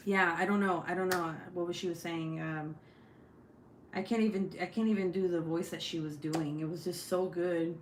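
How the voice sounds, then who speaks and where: Speaking at normal speed in a lowish, steady voice, a young woman runs a relaxed craft livestream, reading comments and rambling with casual swearing between laughs. The room sounds echoey, with faint hiss.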